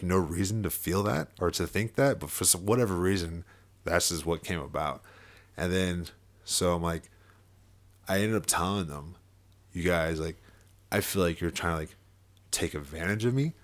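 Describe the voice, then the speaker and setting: A podcast guest, a young man whose voice is very deep, spins a lengthy personal tale in a laid-back conversation. He swears without restraint, laughs as he goes, and relies a lot on fillers.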